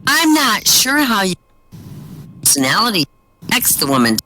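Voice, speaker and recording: A man doing stand-up, telling one-liners and short jokes with deadpan punchlines over voice chat. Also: sits high, normal speed, a little hiss or hum, rough recording. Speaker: stand-up comic. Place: virtual-world comedy venue, voice chat.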